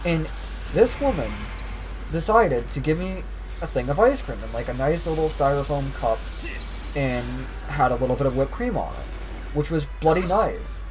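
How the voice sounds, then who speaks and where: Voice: mid-range voice, expressive, moderate pace, background noise. Young streamer ranting with profane exasperation. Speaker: streamer playing a video game. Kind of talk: casual ranting commentary while gaming.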